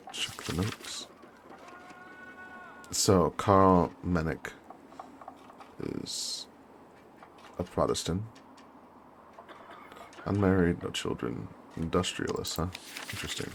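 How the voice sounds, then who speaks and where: Brief: a low-voiced man narrating a war game, deliberate reading, gravelly texture. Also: animated, a little hiss or hum. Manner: slow, deliberate reading, apologetic chatty asides. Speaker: gamer. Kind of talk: reading a story game aloud with asides.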